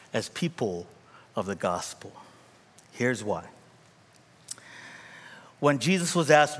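A young adult man from Korea preaching a sermon, telling a story and calling out to the congregation. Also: on the high side. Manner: animated, calls out to the congregation. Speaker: pastor. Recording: long hall reverb.

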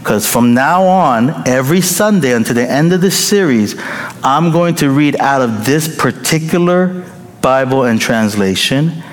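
In a large church hall, a middle-aged male pastor delivers a playful, joking sermon and chuckles often. His medium-pitched voice is expressive and measured, and the reverberant hall carries faint noise.

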